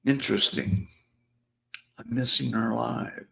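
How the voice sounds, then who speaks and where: A man's voice: mid-range voice, fairly even intonation, slow, vocal fry, bright, forceful tone. A man hosting a live chat stream, rambling in a casual, joking way and humming bits of songs between comments. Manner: rambling, hums and sings snippets between chat; laid-back, joking. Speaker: live show host.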